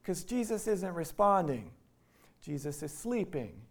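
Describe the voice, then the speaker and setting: A man's voice: sits high, big pitch swings, unhurried, creaky. A man from Iowa preaching a sermon in a conversational way, acting out the quoted lines. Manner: conversational, acts out quotes in voices. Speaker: pastor.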